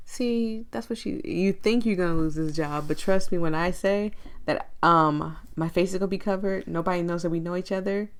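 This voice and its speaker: Young woman game streamer, low-pitched, chatty and expressive. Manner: chatty and animated, quick to gush and react. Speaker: streamer playing an indie game. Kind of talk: let's play commentary.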